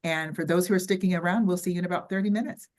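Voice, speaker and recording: An older woman with a Southern US accent hosting an online workshop over a video call, chatty and halting with frequent ums and restarts. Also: lowish voice, steady tone, darkish tone. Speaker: webinar host.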